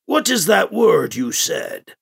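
Brief: a catlike warrior, put on by the narrator, heavy gravel and rasp, slow and terse, pitch swinging a lot. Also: big pitch swings, exaggerated voice. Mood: curious. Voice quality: gravelly, raspy.

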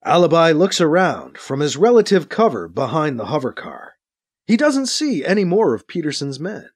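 Animated male audiobook narrator. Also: a little high, moderate pace, husky. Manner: animated, with voiced sound effects.

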